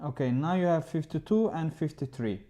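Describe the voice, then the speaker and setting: A man's voice: fairly high pitch, moderate pace, dark tone. A man casually commenting a chess game on a livestream, reading viewers' messages aloud and answering them, often restarting his sentences.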